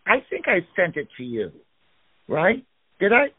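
Male co-host, higher, sing-song pitch, slow and hesitant, tinny line. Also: huge pitch swings, breathy edge, dry recording. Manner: unhurried, hesitant, with fillers. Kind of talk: casual chat.

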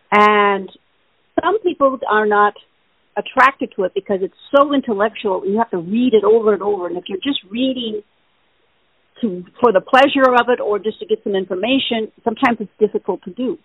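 A woman's voice: mid-range voice, husky, no room sound. A woman hosting a spiritual question-and-answer show by phone, explaining answers at length in an earnest, rambling way. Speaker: host answering listener questions. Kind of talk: casual spiritual Q&A over the phone. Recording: tinny phone line, dry.

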